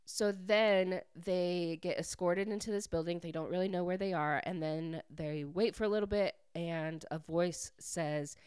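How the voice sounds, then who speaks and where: A young woman hosting a podcast, giving a casual book recap in a chatty, excitable way full of filler words. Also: fairly low pitch, a little slow, few pauses, clean tone, no room sound, studio quality. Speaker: podcast host.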